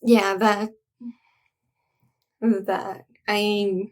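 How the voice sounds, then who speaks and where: A woman giving a casual spoken film review, earnest and halting as she searches for her words. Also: mid-range voice, flat delivery, darkish tone. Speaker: anime reviewer.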